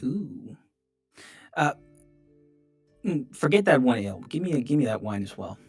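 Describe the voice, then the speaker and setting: A man's voice: mid-range voice, big pitch swings, moderate pace, a little mellow, soft background music. A man playing a tabletop game, talking hesitantly and thinking aloud with many fillers. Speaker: player.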